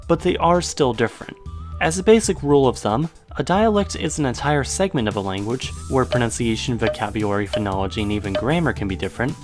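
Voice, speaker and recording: Chatty man narrating an explainer. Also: mid-range voice. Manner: chatty, upbeat with casual asides. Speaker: educational YouTuber.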